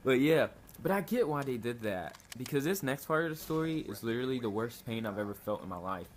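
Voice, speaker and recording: A man's voice: mid-range voice, expressive, brisk. Young male vlogger, laid-back profane storyteller, noisy home recording. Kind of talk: casual storytelling to camera.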